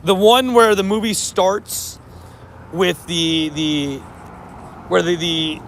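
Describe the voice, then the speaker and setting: A man's voice: a little high, a little hiss or hum. A man streaming a mobile game, chatting casually with his viewers. He laughs often and trips over his words.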